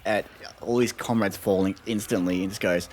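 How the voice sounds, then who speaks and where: A man narrating a tabletop game as game master, relaxed and hesitant with many fillers. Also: low-pitched, moderate pace.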